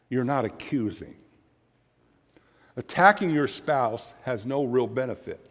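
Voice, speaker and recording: A middle-aged man preaching a sermon as pastor, animated and repeating words for emphasis. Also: mid-range voice, unhurried, pauses often. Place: church sanctuary. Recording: long church reverb.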